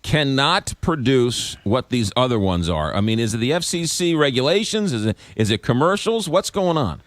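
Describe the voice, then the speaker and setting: A man's voice: mid-range voice, big pitch swings, normal speed, dry recording. A man hosting a radio talk show, conversational and questioning, with fillers as he talks. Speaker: radio host.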